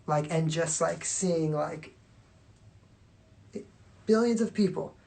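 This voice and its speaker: A woman's voice: sits low, takes it slowly, gravelly, mellow. A woman talking casually to viewers on a phone livestream, rambling and swearing freely with constant fillers. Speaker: livestream host.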